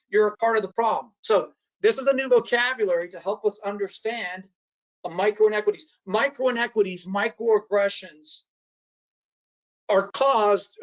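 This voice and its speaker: A man tells a story in a workshop presentation. He stops often on "uh, uh" and keeps asking the audience "right?" The sound is muffled, like lo-fi webinar audio. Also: high voice. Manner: storytelling, frequent "uh, uh" and tag questions "right?". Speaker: workshop speaker.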